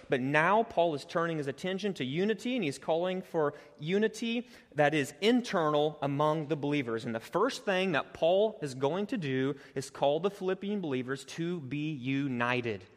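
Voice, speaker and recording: High-voiced man preaching in an echoing hall. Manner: earnest, building emphasis, rises in pitch and force as he presses a point. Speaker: pastor. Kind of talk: sermon. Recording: long reverb of a large hall.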